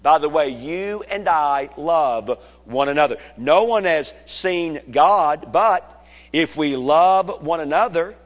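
A man preaching an expository sermon, with slow, deliberate, emphatic phrasing. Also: fairly high pitch, expressive. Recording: dull lo-fi sound in a reverberant hall.

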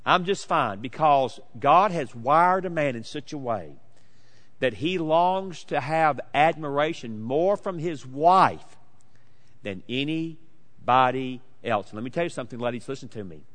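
Man, late forties, preacher, sermon, bright ringing voice, emphatic with hushed asides, long hall reverb. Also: mid-range voice, expressive, unhurried. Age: 40s. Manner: emphatic, swinging from loud declarations to hushed asides. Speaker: pastor.

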